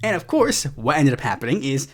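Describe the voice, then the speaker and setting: A podcast host with a medium-pitched, very animated voice gives casual, rambling political commentary full of sarcasm, frequent swearing, and fillers. He acts out other people's lines in quick put-on voices.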